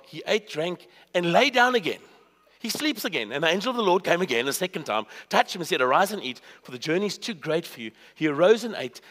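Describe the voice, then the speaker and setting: Preacher man with a hall echo. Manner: swings from loud high bursts to hushed low asides. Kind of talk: sermon. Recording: long reverb of a hall.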